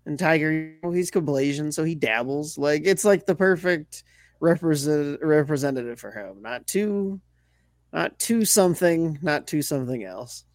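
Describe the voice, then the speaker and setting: A man's voice: a little high, normal speed, no echo, clean studio sound. A young man co-hosting a casual sports podcast, joking and laughing a lot. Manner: joking, lively, laughing often. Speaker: podcast co-host.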